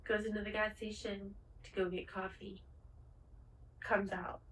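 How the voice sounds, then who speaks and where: A woman co-hosting a podcast in casual chat, retelling a TV finale with lively acted-out lines and plenty of swearing. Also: mid-range voice, slow, long pauses, reverberant, recorded from a distance, a little hiss or hum, low-quality recording. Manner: animated retelling, acts out the characters' lines, swears freely. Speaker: podcast co-host.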